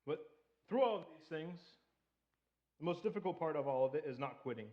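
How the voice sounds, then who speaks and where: A man's voice: on the high side, lively intonation, brisk, dull audio. A man preaching a casual sermon in a church, joking and posing questions to the congregation. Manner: joking, conversational, asks the audience questions. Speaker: pastor. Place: church sanctuary.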